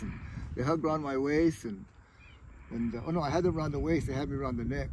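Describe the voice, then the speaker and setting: A man's voice: medium pitch, a little mellow, rough recording. Middle-aged guy rambling thru stories outside, lots of "you know", faint traffic hum behind. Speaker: tribal chair candidate. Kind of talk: casual storytelling interview.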